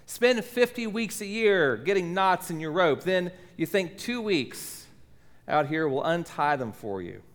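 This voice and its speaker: Guy putting on a weary old cowboy, slow and low, kinda laconic, a little higher than most guys. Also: sing-song, heavily acted. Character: grizzled old male cowboy, weary and wise.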